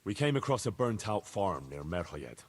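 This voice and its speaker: A respectful young squire in a medieval game, reporting to his lord in a low, husky voice. He speaks plainly and politely. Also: very animated, moderate pace, full character voice. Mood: earnest. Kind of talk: video game voice acting.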